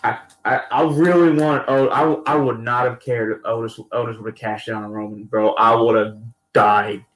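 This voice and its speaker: A man's voice: mid-range voice, fairly even intonation, moderate pace, a bit bright. A man giving a casual, rambling recap of a wrestling event, talking in slang and often restarting his sentences. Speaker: wrestling fan vlogger. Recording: echoey room.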